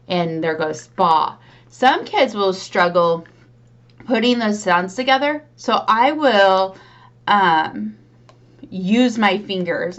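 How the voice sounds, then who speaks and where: A woman's voice: medium pitch, lo-fi sound. A woman reading tutor demonstrating how she teaches children to blend sounds, speaking patiently and encouragingly. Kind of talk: instructional demonstration.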